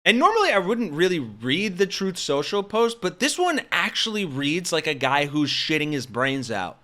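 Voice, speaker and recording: A man's voice: a little high, very animated, moderate pace, few pauses, pushed and bright. A man hosting political commentary in a sarcastic, mocking manner.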